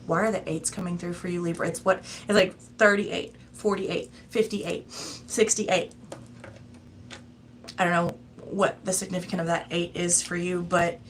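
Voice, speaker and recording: A woman's voice: fairly low pitch, level tone, measured pace, a little hiss or hum. A woman giving a tarot reading in a casual, chatty, rambling way, often breaking into laughs. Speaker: tarot reader.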